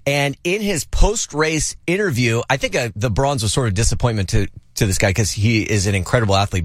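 A man's voice: on the low side, no echo, studio quality. A man hosting a radio show, telling stories and teasing his co-hosts in casual banter. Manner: playful, teasing storyteller.

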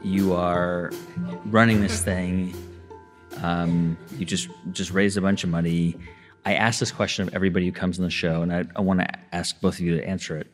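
A man hosting an interview, asking questions hesitantly with many pauses. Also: sits low, flat delivery, long reverb tail, soft background music. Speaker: host. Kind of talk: casual interview.

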